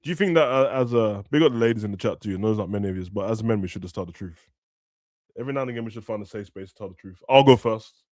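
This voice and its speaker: A young man, ranting and joking as a streamer during a football watch-along, now and then shouting. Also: fairly low pitch, racing, dry recording, studio quality. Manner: ranting, slangy, bursts of shouting. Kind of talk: casual chat over a live match.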